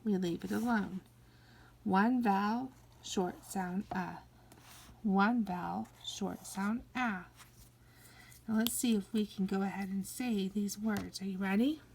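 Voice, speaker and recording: A woman teaching phonics to young children, sounding out each word slowly and coaxing them to follow along. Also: medium pitch, gravelly, a little mellow, a little hiss or hum. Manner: slow, drawn-out sounding-out of words; coaxing, encouraging teacher talk. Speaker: kindergarten teacher.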